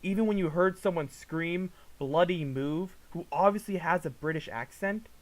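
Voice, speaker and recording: A man giving casual reaction commentary, ranting in an exasperated, profane way that swings between low mutters and loud outbursts. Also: moderate pace, low-quality recording. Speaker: commentary vlogger.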